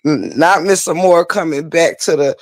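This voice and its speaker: A man's voice: fairly high pitch, moderate pace, dry recording. A man hosting a casual recap for viewers, laughing so hard he cries and calling everyone "child" and "baby". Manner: laughing hard, crying with laughter, drawling Southern slang. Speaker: host.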